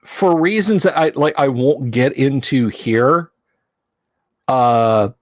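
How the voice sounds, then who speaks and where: A man's voice: medium pitch, no echo. Guy hosting a livestream from his home studio, rambly and teasing, lots of ums, super dry mic. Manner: rambling, teasing, halting with fillers. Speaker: livestream host. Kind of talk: casual livestream chat.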